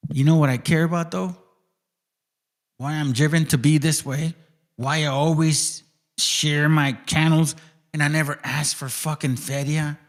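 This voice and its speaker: A man's voice: a little high, fairly even intonation, measured pace. A man hosting his channel, ranting in a confrontational, profane monologue aimed directly at people. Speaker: channel host.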